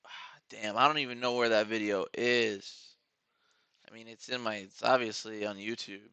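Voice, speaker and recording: A man's voice: fairly low pitch, steady tone, normal speed, bright, forceful tone, clean tone, dry recording. A man hosting a live trading stream, rambling casually to his viewers while watching charts.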